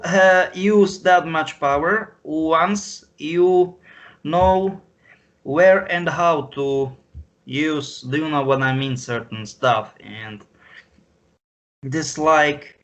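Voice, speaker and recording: Slow, halting man on a call. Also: on the high side, expressive, a bit bright. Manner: halting, searching for words. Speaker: guest. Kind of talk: casual online chat. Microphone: video call.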